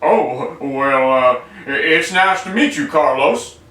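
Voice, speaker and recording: A man's voice: mid-range voice, slow, bright, forceful tone. A man doing a flustered, stammering small-time smuggler. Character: nervous, bumbling male drug middleman. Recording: roomy sound, mic at a distance.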